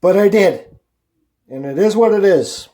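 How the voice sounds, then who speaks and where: A man's voice: high voice, expressive, unhurried, dark tone. A man hosting a woodcarving vlog, talking casually to the camera in a blunt, rambling way and swearing freely. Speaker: woodcarving channel host.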